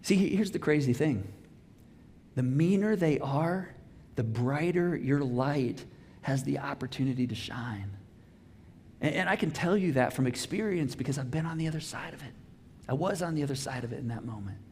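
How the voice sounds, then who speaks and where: A middle-aged man preaching a sermon, telling a story with lively acted-out dialogue in a church auditorium. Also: on the high side, moderate pace, a little hiss or hum. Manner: animated storytelling, acts out dialogue. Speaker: pastor. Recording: long hall reverb.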